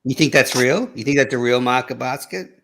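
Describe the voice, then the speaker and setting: Male regular, mid pitch, mocking crude roaster, loose group banter. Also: brisk, creaky, a bit bright, a little hiss or hum. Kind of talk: casual group chat.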